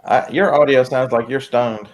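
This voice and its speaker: A man's voice: medium pitch, fairly even intonation, normal speed. Joking man on a video call. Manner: joking, laughs often. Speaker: host of a live listing hangout. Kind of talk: casual group chat on a video call.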